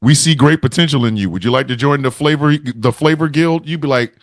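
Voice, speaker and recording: A man hosting a casual comedy podcast, profane and animated, often acting out quotes in other voices. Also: medium pitch, brisk, no room sound, clean studio sound. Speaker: podcast host.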